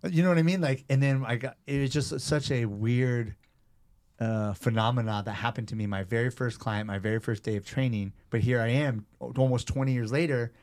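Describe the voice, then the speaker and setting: A man in his thirties, a personal trainer and guest, telling stories in a casual, animated way. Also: medium pitch, brisk. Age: 30s. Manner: animated, conversational storyteller. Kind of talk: casual storytelling interview.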